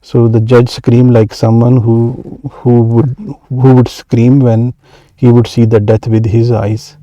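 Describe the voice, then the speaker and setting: A man teaching grammar in a hesitant, halting way, with frequent fillers and restarts. His voice is very dark and mellow, at an ordinary middle pitch. The sound is close and dry. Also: level tone, dry recording, highs cut off. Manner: hesitant, many fillers and restarts, reads Arabic quickly then translates. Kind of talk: explaining lesson examples.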